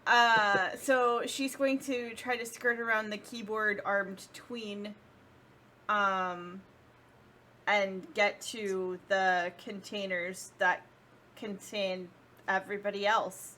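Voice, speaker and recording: A woman's voice: medium pitch, little pitch movement, bright, forceful tone, a little hiss or hum. A woman describes what her character does in a tabletop game, taking her time and drawing out each phrase. Her speech is hesitant and easygoing. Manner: slow, hesitant. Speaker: player. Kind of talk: casual tabletop play.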